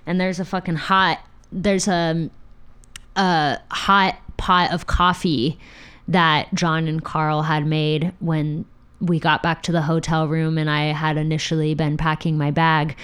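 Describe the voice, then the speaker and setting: Low-voiced woman telling a wild story. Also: little pitch movement, unhurried, a bit bright, smooth. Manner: frank and profane, with laughs. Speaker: podcast host telling her own story. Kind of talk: candid personal storytelling.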